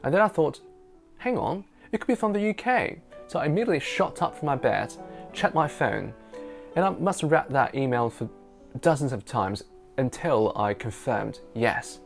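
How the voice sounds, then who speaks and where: With soft guitar playing beneath him, a native Mandarin speaker from China, who works as an interpreter and storyteller, chattily recounts a personal story in English. His medium-pitched voice is creaky, with lively intonation at a normal speed, and he uses many fillers like "you know" and "um."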